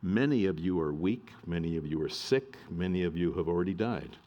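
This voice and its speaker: A man's voice: sits low, animated, brisk, warm tone, dull audio. A middle-aged male pastor preaching a sermon, earnest and emphatic, repeating key phrases.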